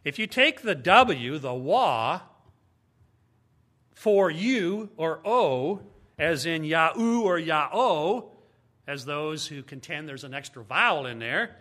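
A man's voice: a little high, big pitch swings, takes it slowly, bright, forceful tone. A man giving a teaching sermon as a Bible teacher, speaking emphatically and explaining step by step with rhetorical questions.

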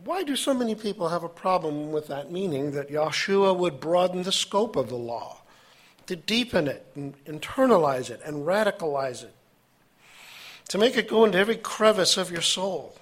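Man, fairly high voice, sermon, reads scripture, pauses and corrects himself. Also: very animated. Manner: reads scripture aloud with spoken asides; halting, with fillers and self-corrections. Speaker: preacher.

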